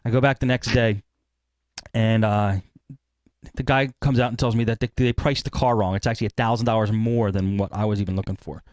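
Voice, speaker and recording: Male podcast host, animated anecdote teller, fast delivery, dry mic. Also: fairly low pitch, dry recording. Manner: rambling, animated retelling with acted-out quotes. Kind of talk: casual storytelling.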